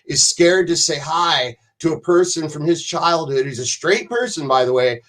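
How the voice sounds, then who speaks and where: A man guest telling rambling, profane backstage stories and acting out other people's lines. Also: fairly high pitch. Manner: profane, rambling, acts out quoted voices. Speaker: podcast guest. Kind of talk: animated storytelling.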